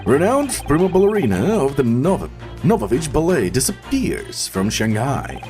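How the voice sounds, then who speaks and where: A man's voice: mid-range voice, very animated, natural voice. A man doing a pompous grand detective, Russian accent. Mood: grandiose. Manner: theatrical, drawn-out pronouncements. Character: pompous eccentric male detective, grand and theatrical. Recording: game music behind voice.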